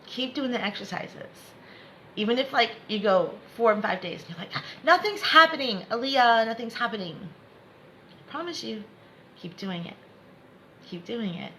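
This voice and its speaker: A woman's voice: mid-range voice, animated, moderate pace, a little hiss or hum, low-quality recording. A woman giving a live spiritual lesson, repeating herself to encourage viewers and laughing often. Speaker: spiritual teacher.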